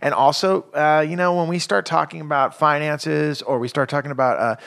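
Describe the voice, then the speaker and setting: A man's voice: a little high, steady tone, brisk, creaky, a bit bright. Laid-back rambling podcast host man. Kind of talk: casual chat.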